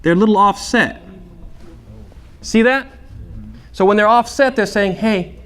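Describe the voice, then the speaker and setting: Male teacher, energetic call-and-response classroom style, a bit higher than average pitch. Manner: chants short Arabic phrases slowly for students to repeat. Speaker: teacher of Quran recitation. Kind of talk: interactive classroom lesson.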